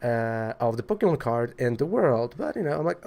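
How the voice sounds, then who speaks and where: A man's voice: medium pitch, sing-song, moderate pace, vocal fry, hardly any pauses, a little mellow. A man from Poland tells a story in a casual vlog, rambling with lots of fillers in a wry, exasperated way. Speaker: trading card seller telling a story.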